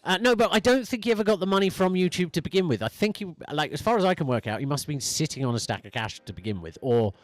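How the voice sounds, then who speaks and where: A man's voice: high voice, expressive, quick pace, hardly any pauses, no room sound. A man hosting a morning radio show, chatting casually into a studio microphone, rambling and laughing at himself. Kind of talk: casual on-air chat.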